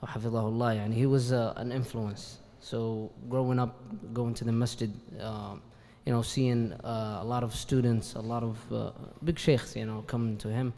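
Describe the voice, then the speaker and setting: Gravelly-voiced man from Qatar, hesitant. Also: mid-range voice, normal speed, hardly any pauses. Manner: relaxed, hesitant, mixing Arabic fillers into his English. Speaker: guest speaker on a panel. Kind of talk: casual talk at a live event. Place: event hall at an Islamic centre. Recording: long hall reverb.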